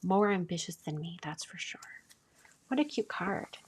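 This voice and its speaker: A woman hosting a casual live stream, chatting and gushing as she opens mail, often dropping to a soft whisper. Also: on the low side, expressive, moderate pace, slightly rough. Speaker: card-making channel host.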